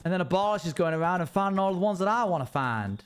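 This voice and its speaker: A man's voice: high voice, expressive, fast talker, smooth. A man streaming a game live, chatting with viewers and grumbling in playful mock annoyance.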